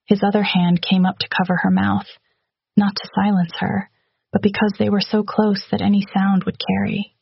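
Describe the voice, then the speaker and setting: A woman narrates a story in a level, even-paced read. Her voice is gravelly and a little husky. The recording is dry and slightly dull. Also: mid-range voice, moderate pace, no echo. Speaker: audiobook narrator. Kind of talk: scripted narration.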